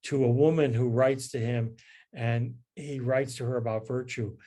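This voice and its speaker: A man's voice: mid-range voice, fairly even intonation, normal speed, warm tone. A man, a priest, giving a spiritual lecture in a conversational storytelling manner. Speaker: priest teaching.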